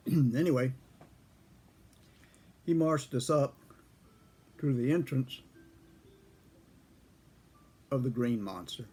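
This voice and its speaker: An older man, a former airman, telling a story from his own past in a casual, folksy way, chuckling and clearing his throat now and then. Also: medium pitch, slow pace, darkish tone. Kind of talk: casual spoken memoir storytelling.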